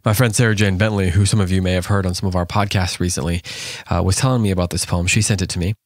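Deep-voiced man hosting a poetry podcast. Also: steady tone, quick pace, dry recording, clean studio sound. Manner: earnest, thoughtful, with frequent ums and restarts. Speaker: podcast host. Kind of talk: poetry reading and reflective commentary.

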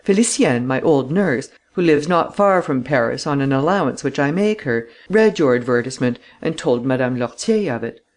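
A man's voice: mid-range voice, lively intonation, normal speed, few pauses, close to an everyday voice. A man reading the part of an anxious aristocratic official who is evasive and frightened. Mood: uneasy.

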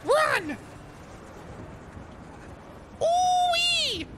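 A man voicing a loud, chaotic young woman who squeals with glee and shrieks taunts in a game role-play. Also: very high-pitched, sing-song, extremely slow, background noise, heavily acted. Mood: gleeful.

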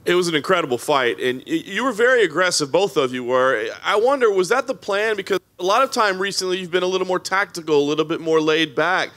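A man's voice: high voice, animated, fast, a bit bright. A man reporting at a press conference, asking polite, long-winded questions.

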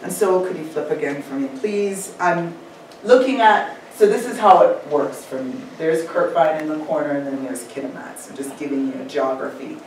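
A woman's voice: low-pitched, moderate pace, a little mellow. A woman from Jamaica with a Jamaican accent, giving a reflective academic talk at a symposium and asking for the slides to be changed. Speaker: panel speaker. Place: lecture room at a symposium. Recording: echoey room, far from mic, faint noise.

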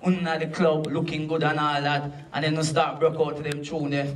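A man's voice: fairly high pitch, flat delivery, normal speed. A man with a Jamaican accent performing a stand-up comedy set, punchy and bantering with the audience. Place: comedy club stage. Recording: amateur live recording from far off, crowd noise.

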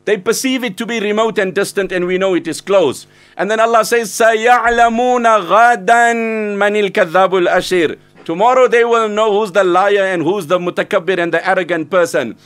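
A man giving an earnest, urgent Islamic lecture, exhorting listeners and breaking into quick Arabic recitation. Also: high-pitched. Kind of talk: sermon.

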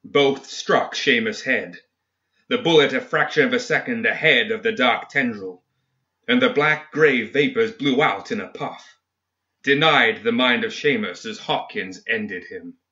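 Male story reader, steady dramatic delivery, bright tone, mid pitch. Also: unhurried. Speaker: audiobook reader. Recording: dull lo-fi recording.

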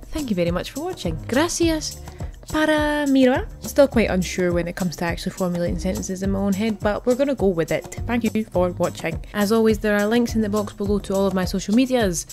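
A woman's voice: medium pitch, lively intonation, brisk, a little mellow. A young Scottish woman with a Scottish accent, chatting to camera in a playful, self-mocking vlog. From Scotland. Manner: chatty, playful, laughs at herself. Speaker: vlogger. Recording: faint background music.

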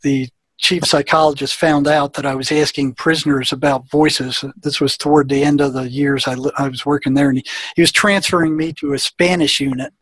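A man's voice: fairly high pitch, fairly even intonation, brisk, a bit bright, slightly rough, dry recording. A man, a former prison therapist, telling an anecdote in conversation and acting out the dialogue in a plain-spoken way.

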